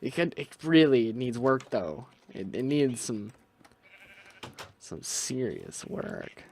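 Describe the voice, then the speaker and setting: A young man narrates his own gameplay in a loose, rambling way, thinking aloud and restarting his sentences often. His voice rises and falls with a lot of melody, and he talks at an unhurried, slow pace. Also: mid-range voice, big pitch swings, slight background noise. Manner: rambling, self-talking, musing aloud with restarts. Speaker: gaming video creator. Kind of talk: casual gameplay commentary.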